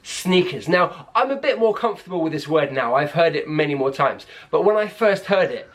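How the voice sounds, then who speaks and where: A man's voice: on the high side, sing-song, moderate pace. A British man explaining words in a light, self-deprecating way. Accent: British English. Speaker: language explainer in a played clip. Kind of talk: scripted explainer.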